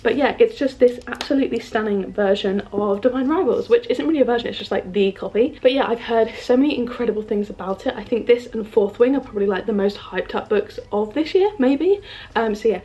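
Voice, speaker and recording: A woman's voice: on the high side, fairly quick, mellow, dull audio. Chatty young woman, bubbly and rambling. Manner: chatty, bubbly, filler-heavy with lots of "like" and "um". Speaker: book vlogger. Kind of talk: casual chat to camera. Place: home room in front of a bookshelf.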